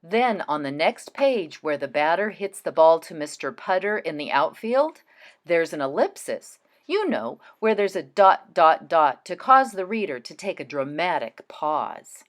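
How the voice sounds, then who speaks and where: Slow, expressive woman teacher. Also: low voice. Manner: expressive, deliberate, demonstrates reading aloud. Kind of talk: recorded reading lesson for children.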